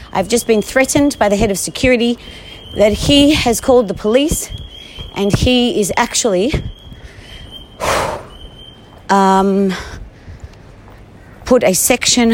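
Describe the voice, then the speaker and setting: A woman's voice: mid-range voice, a little hiss or hum. A shaken, anxious woman rambling through a live stream while walking outdoors on a street, talking into a handheld phone. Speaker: livestreamer.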